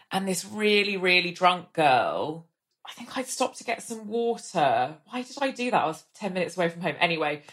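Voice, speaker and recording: A woman's voice: lowish voice, fairly bright tone. A woman in her thirties, a podcast guest, telling long rambling anecdotes and acting out the voices of the people in them. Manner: rambling storyteller, acts out quoted voices. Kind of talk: casual podcast chat.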